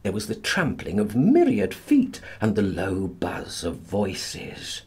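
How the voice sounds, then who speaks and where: A man narrating a classic novel as an audiobook in a dramatic, expressive manner. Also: lowish voice, slow pace, husky.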